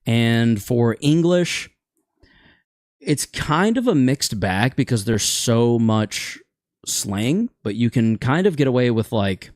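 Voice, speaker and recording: A man's voice: mid-range voice, very animated, takes it slowly, dry recording, clean studio sound. A man hosting a casual gaming chat show, rambling and opinionated, stumbling over words now and then.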